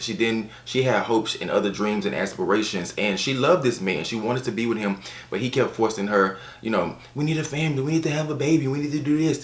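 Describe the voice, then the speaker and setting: An American man reviewing books in a sassy, animated casual chat, repeating phrases for emphasis. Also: lowish voice, reverberant. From United States. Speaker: book reviewer.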